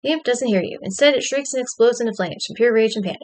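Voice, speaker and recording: A woman's voice: on the high side, fast talker, darkish tone. A woman streamer reading an interactive story aloud, dropping wry, dry asides between passages.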